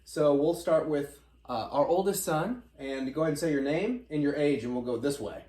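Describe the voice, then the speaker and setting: A man's voice: fairly high pitch, moderate pace, warm tone. A man hosting a casual family podcast as the father, joking and often laughing as he asks his sons questions. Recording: roomy echo.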